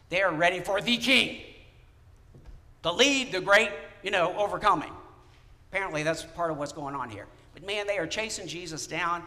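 Male pastor, fairly high voice, chatty sermon delivery, church hall reverb. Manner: conversational, animated preaching with asides.

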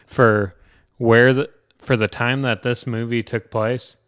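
A man's voice: medium pitch, level tone, takes it slowly, fairly bright tone, clean tone. A man chatting casually about a movie, laid-back, often answering with short agreeing replies.

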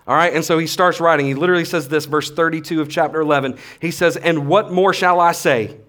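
A man in his thirties preaching a sermon as a pastor, casual and animated, with slang and big swings between quiet and loud. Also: a little high, fast talker, hardly any pauses.

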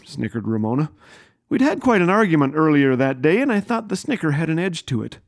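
Animated, self-mocking man telling a story. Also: on the high side, fairly quick. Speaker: radio show host. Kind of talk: humorous storytelling.

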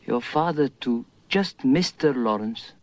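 An actor playing a proud Arab tribal leader, asking measured questions in film dialogue. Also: male voice, medium pitch, lively intonation, natural voice. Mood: probing.

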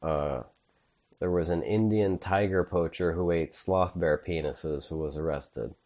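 Deep-voiced laid-back podcast guy. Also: unhurried, darkish tone, lo-fi sound. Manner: laid-back, keeps saying dude. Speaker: podcast co-host. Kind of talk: casual comedic chat.

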